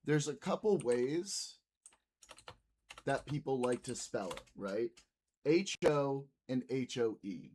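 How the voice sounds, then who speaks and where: A man's voice: mid-range voice, wildly swooping pitch, slow pace, long pauses. A man streaming live, joking crudely and reacting to clips in casual commentary. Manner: crude, joking, swings loud and soft.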